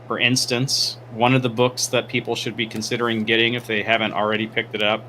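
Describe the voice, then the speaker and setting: A man's voice: mid-range voice, little pitch movement, fairly quick, bright, forceful tone, slight background noise. A man introducing himself as a player on a game stream, rambling with many fillers. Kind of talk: casual self-introduction.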